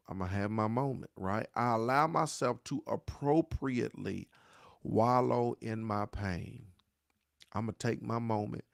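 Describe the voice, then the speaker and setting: A man's voice: on the low side, vocal fry, no room sound, clean studio sound. A man giving a motivational talk on grief, with a preacher-like cadence, repeating his phrases and calling his listeners "y'all.". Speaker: grief speaker.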